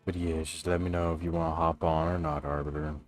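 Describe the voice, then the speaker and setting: Deep-voiced young male streamer, joking. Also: flat delivery, quick pace, soft background music. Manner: joking, slangy, tired toward the end. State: tired. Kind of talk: casual gaming chat on stream.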